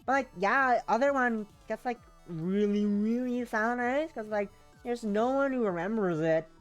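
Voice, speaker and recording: A woman voices a game character, a giddy, clingy, obsessive girl in a dreamy mood, rambling breathlessly like a valley girl with plenty of "like." Her pitch is on the high side and her pace unhurried, with light acting over soft background music.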